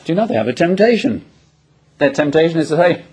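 A man preaches a sermon in a husky, slightly breathy voice. His pitch moves lively up and down as he builds each point. He keeps turning to his listeners with rhetorical questions and homely personal anecdotes. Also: fast talker. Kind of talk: expository sermon.

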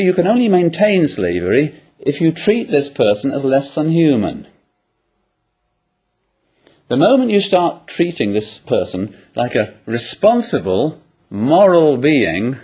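A man's voice: a little high, darkish tone, slightly rough. A man preaching an expository sermon, asking the congregation rhetorical questions and illustrating points with personal anecdotes.

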